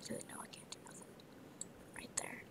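A woman narrates her own gameplay as let's play commentary, speaking a little fast in a half-whispered mutter broken by frustrated outbursts. The audio quality is poor.

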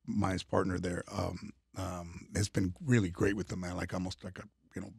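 An older man, a comedian guest, telling stories in a casual chat, going from quiet asides to punchy lines. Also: deep voice, moderate pace, creaky, breathy edge, dry recording, clean studio sound. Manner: animated storyteller, drops to quiet asides then punches up. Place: radio studio.

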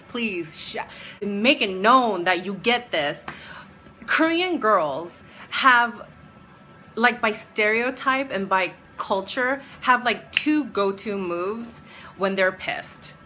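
A woman in her thirties telling a story in a casual vlog, animated and exasperated, acting out bits of dialogue. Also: on the high side, slight background noise. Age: 30s. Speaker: vlogger; doctoral music student and teacher.

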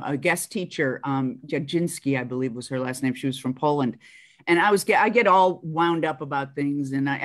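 Low-voiced Chicago woman telling stories. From Chicago, USA. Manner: animated storytelling, frequent ums and restarts. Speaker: guest actress. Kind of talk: casual interview chat.

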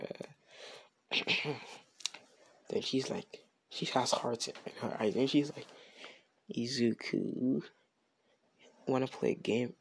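A young man tells an improvised fan story in a slow, loose ramble. His voice is gravelly and a little husky. He is full of slang and keeps correcting himself. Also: fairly high pitch.

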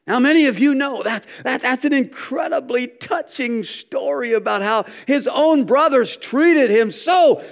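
Man, pastor, sermon, folksy and animated, gravelly, dull lo-fi sound. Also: very high-pitched. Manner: animated, folksy storytelling with repeated starts. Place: church. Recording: dull lo-fi recording.

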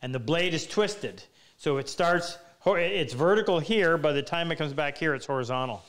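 A woodworking teacher hosting a live Q&A, chatting in a self-deprecating way and rambling through anecdotes. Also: male voice, a little high, moderate pace, a bit bright. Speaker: woodworking teacher and show host. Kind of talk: live Q&A, casual storytelling. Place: woodworking workshop.

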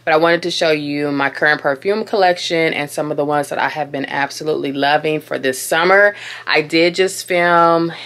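A woman's voice: low voice, fairly even intonation, moderate pace, fairly bright tone. A young woman vlogging at home, chatting casually about beauty and perfume and calling her viewers dolls. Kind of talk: casual beauty vlog chat. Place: room at home, closet. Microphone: camera mic.

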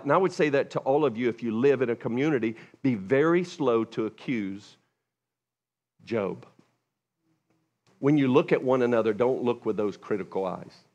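A man preaching a sermon as pastor, lively and conversational, acting out quoted voices with sudden high jumps and dropping low and quiet for asides. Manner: animated, acts out quoted voices with big pitch jumps; drops to a hushed, low voice for asides.

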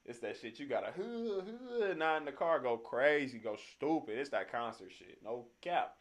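A man's voice: medium pitch, animated, moderate pace. A tired young man just off work, hosting a music reaction video in slangy, profanity-laced casual talk. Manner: slangy, swears freely, hypes the music up. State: tired after work, yawning.

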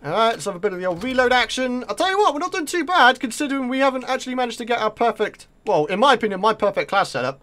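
A man with a British accent commentating live on his own gameplay, excitable and taunting his opponents. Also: very high-pitched, racing, hardly any pauses. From Britain. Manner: excitable, talks to opponents and viewers. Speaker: gaming video creator.

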